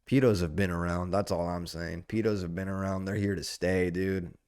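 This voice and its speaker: A young man with a very low voice talks alone into a podcast mic, rambling and profane, dropping "dude" every few words. The sound is close and dry, with no room around it. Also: steady tone, normal speed, darkish tone, smooth, dry recording. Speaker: podcast host. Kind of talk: solo casual podcast monologue. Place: indoor podcast setup under lights.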